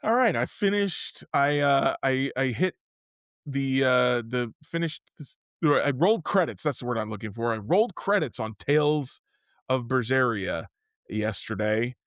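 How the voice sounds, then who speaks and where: Rambling excitable podcast guy. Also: medium pitch, moderate pace, no room sound, studio quality. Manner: rambling, self-interrupting, excitable. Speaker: podcast co-host. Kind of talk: casual chat.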